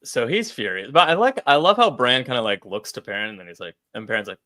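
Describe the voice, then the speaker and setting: A man chatting on a podcast, his voice bright and forward with a sharp edge. His pitch swings widely as he retells scenes with swearing and frequent laughter. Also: a little fast. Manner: animated retelling, profane, laughs a lot. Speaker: podcast co-host. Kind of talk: casual chat about a book.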